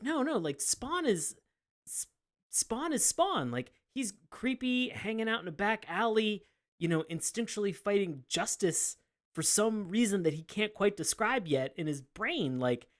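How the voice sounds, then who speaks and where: A man co-hosting a casual podcast, thinking out loud with many fillers and asking the others questions. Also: high voice, big pitch swings, a little slow. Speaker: podcast co-host.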